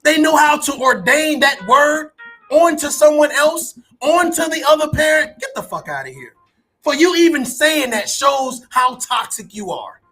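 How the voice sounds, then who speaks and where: Profane, incredulous man ranting loudly. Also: very high voice, unhurried. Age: adult parent. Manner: profane, incredulous, shouting bursts. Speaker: online commentator. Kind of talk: ranting to a live audience. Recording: faint background music.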